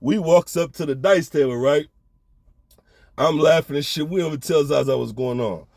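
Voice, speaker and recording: A man's voice: on the high side, moderate pace, vocal fry, darkish tone, no echo, clean studio sound. A man telling a story in a laid-back, slangy way, often checking in with the listener. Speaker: storyteller host. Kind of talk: casual storytelling.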